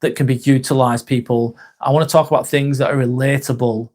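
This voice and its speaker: An English man hosting a live stream in a casual, rambling chat, reading out and answering viewer comments with a halting, sincere manner. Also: mid-range voice, steady tone, a little mellow. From England. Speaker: livestream host.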